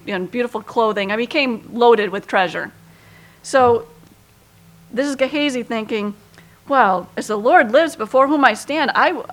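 With a fairly high, fairly bright voice, this woman teaches Scripture casually, full of filler words. When she quotes a line, she acts it out with feeling.

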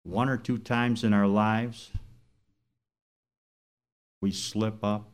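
A man with a fairly low voice gives a testimony in church. He tells his story in a plain, everyday way, then moves into preaching with questions put to the congregation. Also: level tone, takes it slowly. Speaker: truck driver giving a church testimony.

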